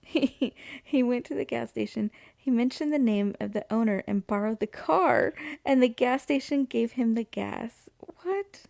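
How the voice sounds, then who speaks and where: A woman's voice: on the high side, measured pace, vocal fry, few pauses, a little mellow, no echo, clean studio sound. A woman co-hosting a podcast, casually telling a history story, laughing through her lines and swearing often.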